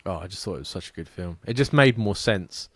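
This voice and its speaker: A man's voice: low voice, animated, fairly quick, no room sound, clean studio sound. A man co-hosting a podcast in casual, rambling, sweary chat. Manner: rambling, sweary, laughs a lot. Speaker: podcast co-host.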